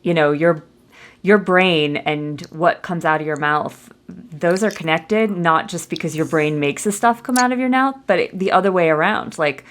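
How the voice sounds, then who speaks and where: A woman hosting a podcast interview, chatty and quick to laugh. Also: fairly low pitch. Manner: chatty, laughs often, many fillers. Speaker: podcast host.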